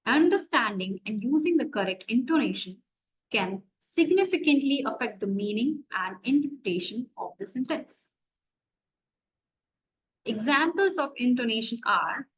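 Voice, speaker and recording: A woman's voice: fairly high pitch, expressive, normal speed, low-quality recording. A woman college lecturer with an Indian English accent, teaching grammar and asking and answering her own questions.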